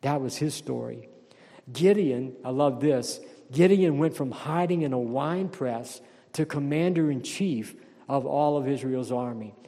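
A man's voice: mid-range voice, measured pace, dark tone, long reverb tail. A man preaching a sermon as pastor, emphatic and questioning the congregation.

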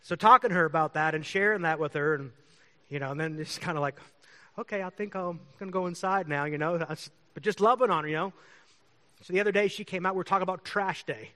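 A man's voice: a little high, quick pace, sharp tone. A man who is a pastor, telling stories in a chatty, rambling way and laughing often. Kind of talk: casual storytelling.

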